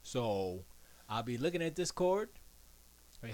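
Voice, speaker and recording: A man's voice: mid-range voice, expressive, normal speed. Man, casual stream chat, rambling, muttering asides, home studio. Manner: rambling, mumbles to himself, drifts between loud and hushed. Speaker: live streamer.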